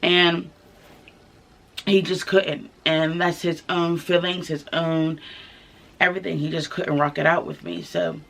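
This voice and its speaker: A young woman telling her own story to the camera in a casual vlog, candid and soft-spoken, pausing often with fillers. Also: on the low side, little pitch movement, gravelly. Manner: candid, halting, many fillers. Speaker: vlogger. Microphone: camera mic, filming herself.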